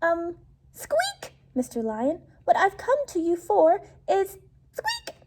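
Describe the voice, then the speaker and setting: A woman voicing a tiny, timid male mouse with a high, squeaky voice in a read-aloud storybook. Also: wildly swooping pitch, takes it slowly, a little mellow, a little hiss or hum, full character voice.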